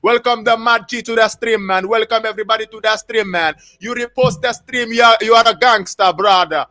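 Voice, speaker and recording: A man hosting a casual live stream, talking in an excitable, repetitive, slangy hype style. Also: high voice, a little fast. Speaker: livestream host.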